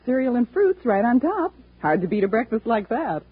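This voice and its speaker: Woman as a ranch wife selling cereal, lively, very husky, tinny old radio. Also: moderate pace. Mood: chatty. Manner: bright, chatty ad pitch. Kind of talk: 1950s radio commercial. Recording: tinny 1950s radio broadcast.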